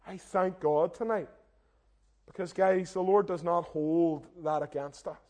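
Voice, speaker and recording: A man's voice: high voice, fairly even intonation, measured pace, a little mellow. A young man, preaching a sermon in an earnest, direct way and poking fun at himself. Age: young adult. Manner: earnest, direct, self-deprecating, often addresses listeners as "guys". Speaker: minister.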